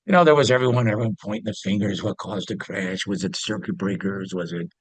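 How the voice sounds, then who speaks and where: Guest: husky man, dry close sound, rambling storyteller with lots of fillers. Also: lowish voice, quick pace, no room sound. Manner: rambling, many fillers and restarts. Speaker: interview guest, former pit trader. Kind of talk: casual storytelling.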